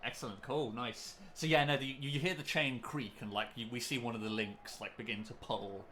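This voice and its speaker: A man's voice: medium pitch, fairly even intonation, brisk, background noise. A man narrating as game master of a tabletop game, describing scenes in a hesitant way with many ums and restarts.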